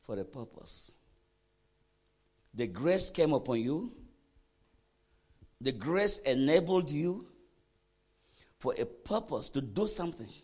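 A man preaching a sermon, quizzing the congregation with questions and swinging from quiet asides to loud emphatic bursts. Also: mid-range voice, husky. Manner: animated preaching, call-and-response questions to the congregation. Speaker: pastor.

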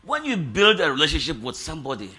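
High, bright-voiced shouting preacher. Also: male voice, huge pitch swings, fast talker, husky. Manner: rousing, bursts into shouts, asks the congregation questions. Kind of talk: charismatic sermon.

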